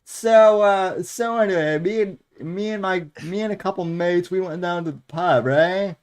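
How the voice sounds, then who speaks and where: A man's voice: high voice, clear, resonant tone, voice pushed up, natural voice. A man doing a chirpy laddish British storyteller. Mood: chummy. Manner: rambling, quick.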